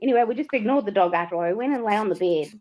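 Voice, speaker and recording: A woman's voice: medium pitch, lively intonation, very fast, darkish tone. A woman co-hosting a livestream, telling a story animatedly, acting out quotes and laughing often. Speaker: co-host. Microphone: livestream mic. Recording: slightly dull lo-fi sound.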